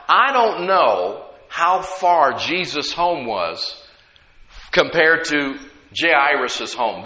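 A man's voice: on the high side, sharp tone. A man preaching a sermon to a congregation, often asking them to respond. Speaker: pastor. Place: church sanctuary. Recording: echoey hall with long reverb.

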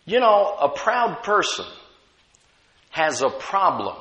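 A man's voice: high voice, big pitch swings, slow pace, pushed and bright, in a large hall. A man preaching a sermon as pastor, conversational, with frequent rhetorical questions to the congregation.

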